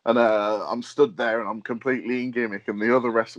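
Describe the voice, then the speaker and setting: Young british guy telling stories on a podcast, mid pitch, lots of ums and laughs, dull lo-fi sound. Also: fast talker, few pauses. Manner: lively storyteller, laughs often, hesitant fillers. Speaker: wrestler and promoter, guest. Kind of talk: casual interview chat.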